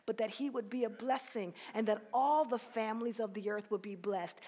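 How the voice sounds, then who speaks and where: A woman preaching at a conference, telling a story and building to fervent, near-shouted passages. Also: fairly high pitch. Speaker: conference speaker. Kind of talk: preaching sermon.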